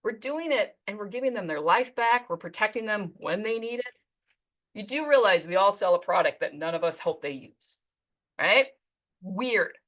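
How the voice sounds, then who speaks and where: A woman's voice: mid-range voice, moderate pace. A woman coaching insurance agents, telling client stories and acting out both sides of the conversation. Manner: animated, acts out client dialogue. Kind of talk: storytelling to agents.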